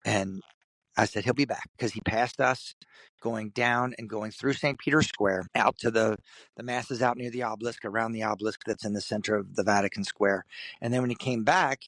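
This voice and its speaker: A man guest in an interview, from Kentucky, telling a story in an animated way and putting on the voices of the people in it. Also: fairly low pitch, normal speed, no room sound. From Kentucky, USA. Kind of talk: storytelling in conversation.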